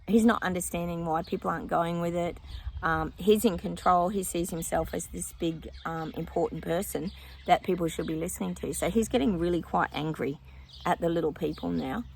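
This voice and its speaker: Gravelly woman psychic vlogger. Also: on the low side, brisk, darkish tone, a little hiss or hum. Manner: chatty, breaks off to talk to her dog. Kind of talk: casual predictions monologue. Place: outdoors with a dog nearby.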